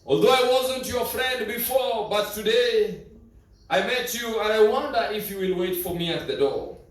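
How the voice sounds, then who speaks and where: A male preacher voicing a frightened young soldier writing a prayer to God, hushed and earnest, as he tells the story in a sermon. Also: sits high, lively intonation, normal speed. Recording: echoey church, far from mic.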